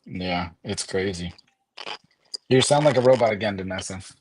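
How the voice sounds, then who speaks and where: A man's voice: sits low, animated, moderate pace, a little mellow, slight background noise. A man co-hosting a live-stream chat, joking wryly and swearing casually.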